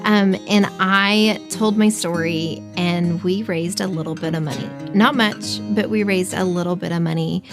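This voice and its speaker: A woman's voice: fairly low pitch, fairly even intonation, normal speed, hardly any pauses, over music. A woman telling a personal story in a casual, emotional way, full of fillers and acted-out quotes. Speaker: podcast host sharing her story.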